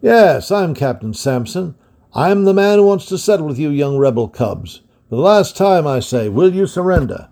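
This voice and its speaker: A man voicing a gruff, threatening Tory captain in a storybook reading, with a loud, demanding manner. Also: fairly high pitch, expressive, moderate pace, few pauses, pitched above the performer's own voice.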